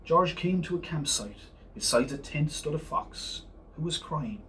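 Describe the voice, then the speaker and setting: Guy reading a kids' book out loud, lively, kinda far from the mic, little hiss. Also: fairly high pitch, measured pace. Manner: lively, expressive read-aloud. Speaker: storyteller. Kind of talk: reading a picture book aloud. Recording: distant mic, faint hiss.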